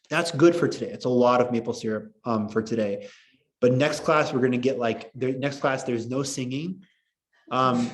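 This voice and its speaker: Rambling, excitable male history teacher. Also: mid-range voice. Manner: rambling, excitable, laughs at own jokes. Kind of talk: casual online class lecture.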